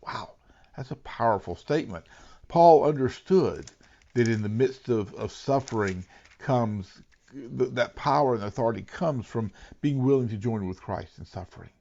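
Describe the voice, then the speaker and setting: A male pastor giving an earnest sermon, dropping to hushed whispers and then rising to emphatic, raised lines. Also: medium pitch, expressive, moderate pace, creaky, lo-fi sound.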